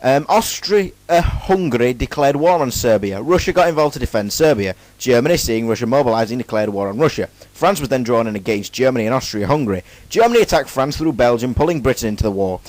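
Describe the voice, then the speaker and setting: A young man talks through a school presentation in a relaxed, joking way and keeps cracking self-mocking asides between the facts. The recording is dry and close, with almost no room sound. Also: medium pitch, fast, hardly any pauses, no room sound, low-quality recording. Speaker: student presenter. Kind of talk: casual jokey school presentation.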